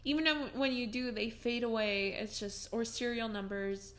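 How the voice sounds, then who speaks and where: A woman's voice: on the high side, steady tone, normal speed, fairly bright tone. A young woman vlogging from home, telling a personal story in a casual, chatty way with many fillers and restarts, and breaking into laughs as she talks.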